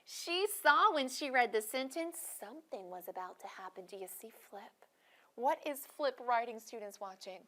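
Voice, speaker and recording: High-voiced teacher coaxing a class. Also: female voice, expressive, moderate pace, pushed and bright. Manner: encouraging, questioning students by name. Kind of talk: classroom phonics lesson.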